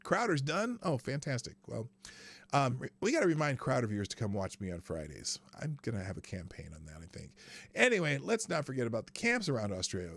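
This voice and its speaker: A man's voice: medium pitch, dry recording. A man hosting a live news commentary stream, ranting sarcastically, swearing freely and laughing between sentences. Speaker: show host.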